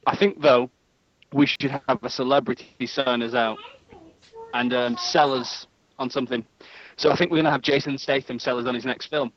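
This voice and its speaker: An English man hosting a podcast in casual chat, animated and swearing freely, his voice jumping up when excited. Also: medium pitch, moderate pace, muffled recording. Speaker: podcast host.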